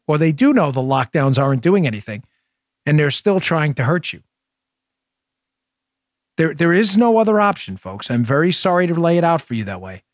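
A man's voice: a little high, dry recording. Guy hosting a political podcast, voice jumps all over, punchy and emphatic, dead dry mic. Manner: animated, emphatic, repeats points for effect. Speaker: podcast host. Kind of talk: political talk monologue.

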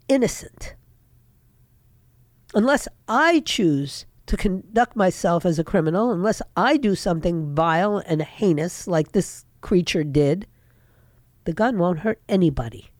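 A woman's voice: a little high, a little mellow, no room sound, studio quality. A woman radio talk show host delivering an indignant opinion monologue, repeating lines for emphasis.

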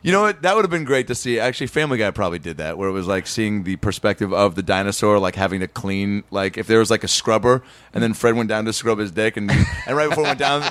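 A man hosting a casual comedy podcast, telling stories and jumping into high-pitched character voices. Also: fast, few pauses, no room sound. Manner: animated storyteller, bursts into high-pitched character bits. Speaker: podcast host.

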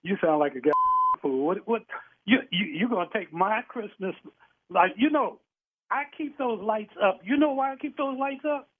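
A man's voice: high voice, animated, normal speed, breathy edge. A man on the phone who argues defiantly, swears and laughs scornfully. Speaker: prank call target. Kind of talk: heated phone argument. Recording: tinny phone line.

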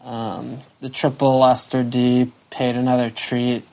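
A man co-hosts a podcast in a dry, deadpan manner. His pitch stays very flat, and he swears casually as he talks. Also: unhurried, creaky. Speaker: podcast co-host. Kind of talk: casual chat.

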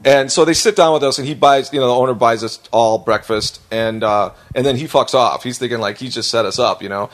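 A man's voice: medium pitch, brisk, few pauses. A man who is a comedian and podcast co-host, telling a long story in a casual way that is rambling and profane, full of fillers and restarts.

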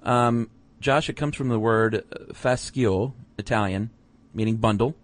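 A man's voice: medium pitch, unhurried. A man co-hosting a podcast in casual conversation, laid-back and joking, often laughing. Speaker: podcast co-host.

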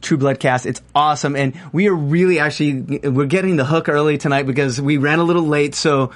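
A man's voice: a little high, fairly even intonation, a little fast. A man hosting a casual panel chat about a TV series, enthusiastic and a bit rambling. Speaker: host.

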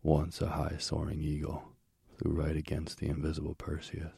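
A man reads a myth as an audiobook in a measured, steady way. His voice is extremely deep and husky. It stays dry and close. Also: dry recording. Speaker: narrator.

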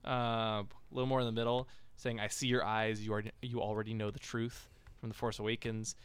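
A man's voice: lowish voice, little pitch movement, brisk, clear, resonant tone. A man hosting a casual podcast discussion, talking in a rambling way with many fillers and restarts. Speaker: podcast host.

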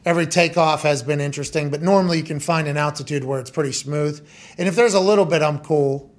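A young man hosting a podcast, chatting casually and telling animated stories that he laces with swearing and laughter. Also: a little high, quick pace. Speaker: podcast host. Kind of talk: casual chat.

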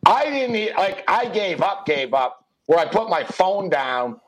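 A man's voice: high-pitched, measured pace, low-quality recording. A man hosting a sports betting talk show, telling stories animatedly and acting out the dialogue with laughs. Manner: animated storyteller who acts out dialogue, laughing often. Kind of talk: casual chat.

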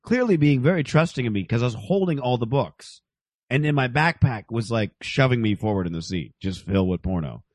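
A man's voice: medium pitch, animated, a little fast, dry recording, clean studio sound. A man in his thirties telling a rambling, crude, self-mocking story in casual chat. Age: 30s.

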